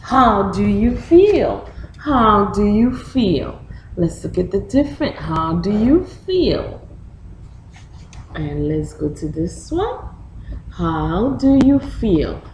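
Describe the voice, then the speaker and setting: A woman's voice: medium pitch, echoey room, a little hiss or hum, low-quality recording. A woman reading a picture book to young children, asking them questions and acting out reactions. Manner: animated, questioning, acts out reactions. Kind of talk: storytime lesson for young children.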